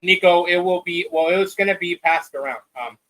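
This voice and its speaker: A man's voice: high voice, normal speed, a bit bright, poor audio. A man hosting a live podcast, talking in a loose, rambling, profane way. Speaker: podcast host. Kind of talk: casual live-stream chat.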